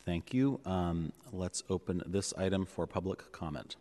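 A man chairing a public board meeting in a relaxed way, with a few fillers. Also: low voice, unhurried. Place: city hall chamber. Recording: long reverb of a hall.

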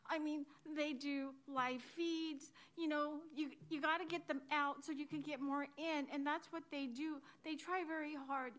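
A high-voiced woman speaks at a council meeting podium, close to crying. She pleads in a rambling, emotional way and keeps losing her composure. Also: fairly even intonation, a little slow, few pauses, a bit bright. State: near tears. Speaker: public commenter at a city council meeting. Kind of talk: emotional public comment. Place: council chamber.

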